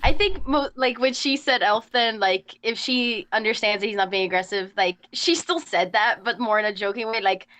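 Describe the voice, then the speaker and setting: A woman's voice: on the high side, normal speed, hardly any pauses, fairly bright tone. A woman player in a tabletop game who rambles with many fillers. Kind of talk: casual tabletop game play.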